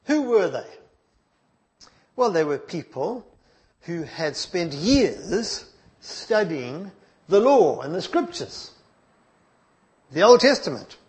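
A male preacher, delivering a sermon in a measured, emphatic way that drops to soft asides. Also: sits high.

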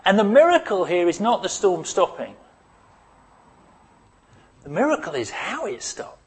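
A man preaching a sermon, moving from loud cries to hushed asides. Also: high voice, huge pitch swings, measured pace, breathy edge. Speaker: pastor.

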